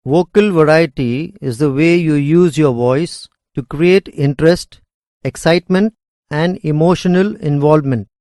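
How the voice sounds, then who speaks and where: A man reading educational course material aloud in a measured, deliberate way. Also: a little high, darkish tone, no room sound, clean studio sound. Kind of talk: scripted educational narration.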